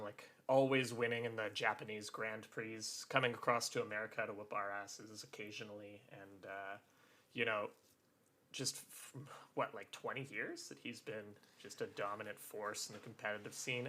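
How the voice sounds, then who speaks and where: Podcast co-host: man with a bright, forward voice, relaxed storyteller, lots of fillers. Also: fairly low pitch, moderate pace. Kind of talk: casual chat.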